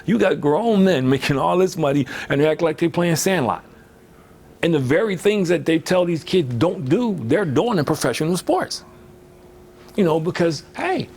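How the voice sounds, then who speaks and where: A man's voice: on the high side, a little mellow, a little hiss or hum. A man giving a motivational workshop talk in a conversational way, filling with "you know" and acting out quoted voices. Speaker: motivational speaker.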